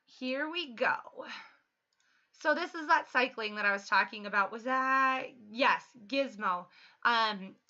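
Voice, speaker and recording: A thirty-year-old woman chatting casually while livestreaming a game, upbeat and quick to laugh. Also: a little high, sharp tone. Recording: slightly muffled lo-fi stream audio.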